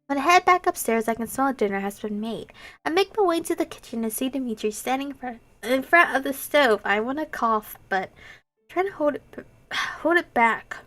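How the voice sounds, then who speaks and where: Young woman let's-play host, high animated voice, reads a visual novel and reacts with giggles. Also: brisk. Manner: expressive, giggly, reacts aloud.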